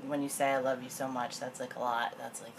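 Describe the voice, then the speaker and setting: A young woman with a low voice talks loosely about a reality show. She laughs often, swears freely and slips into voices when quoting people. A faint hiss runs behind her. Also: flat delivery, a little fast. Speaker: podcast co-host. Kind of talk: casual chat recapping a reality show.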